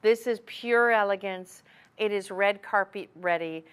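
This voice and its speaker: A woman hosting a TV shopping show, giving a chatty, enthusiastic sales pitch. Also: a little slow, smooth. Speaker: TV shopping host.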